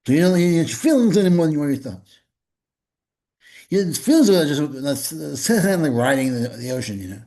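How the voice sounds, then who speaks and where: A male minister preaches in a loose, conversational way. He stumbles over repeated words and drops in folksy jokes, and his voice sits a little high for a man. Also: expressive, brisk, mellow. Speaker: minister leading a spiritual gathering. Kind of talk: informal spoken sermon.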